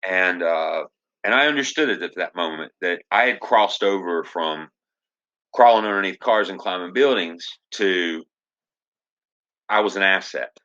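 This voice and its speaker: A man who works as an actor, telling stories as a podcast guest in a casual, animated way and acting out the lines of the people he quotes. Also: sits low, a little slow, lo-fi sound. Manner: animated storyteller, acts out quoted dialogue. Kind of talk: casual storytelling interview.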